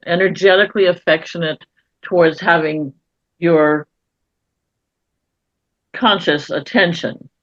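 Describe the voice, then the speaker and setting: A woman medium giving an intuitive reading, searching for words with pauses and fillers. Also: low voice, fairly bright tone, dry recording. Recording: dull lo-fi dry audio.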